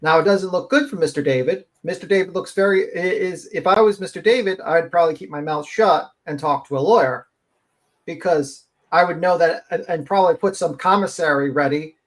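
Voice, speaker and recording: A man's voice: a little high, brisk. A man giving blunt, profane, rambling commentary as a guest on a live-stream panel.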